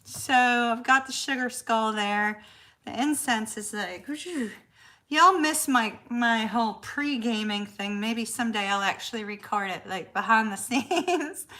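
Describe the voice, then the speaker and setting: A woman's voice: on the high side, a little slow, sharp tone. A woman hosting a tarot livestream from her apartment, chatting casually, greeting viewers by name and laughing often.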